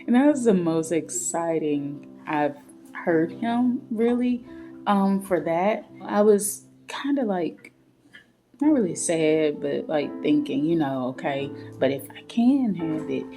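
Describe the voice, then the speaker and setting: A woman tells a personal story in a chatty, unscripted way. Her voice sits a little low and sounds mellow and warm. Soft guitar music plays quietly behind her. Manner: chatty, retelling with quoted dialogue. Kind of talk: casual storytime vlog.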